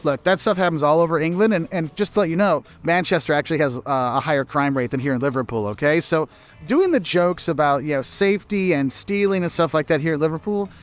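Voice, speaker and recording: Chatty high-voiced American man. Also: fast. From United States. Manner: chatty, repeats words, mimics locals in asides. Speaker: travel vlogger. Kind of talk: casual travel advice to camera. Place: outdoors in a city.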